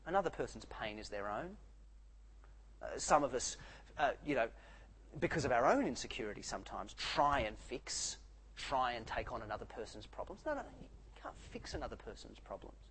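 A man preaching a sermon, swinging between soft, quiet lines and loud, animated outbursts. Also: medium pitch, normal speed, husky, poor audio.

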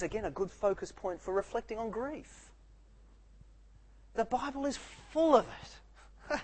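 A man preaching a sermon, swinging between soft, quiet lines and loud, animated outbursts. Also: high voice, rough recording.

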